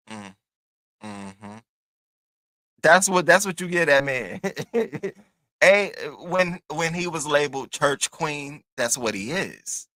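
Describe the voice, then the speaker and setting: A man dishes online drama in an animated, sassy style, swearing freely and leaping into high squeals. His voice is bright and sharp. The sound is dry and close, with no room echo. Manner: animated and sassy, lots of slang and cussing; jumps into high squealing bursts. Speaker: commentary host. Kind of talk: casual gossip commentary.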